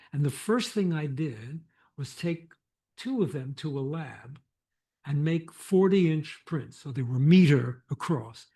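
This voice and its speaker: An older man, a photographer, telling anecdotes on a lecture stage in a reflective, animated way with restarts. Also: on the high side, husky. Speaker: photographer guest. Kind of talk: conversational storytelling.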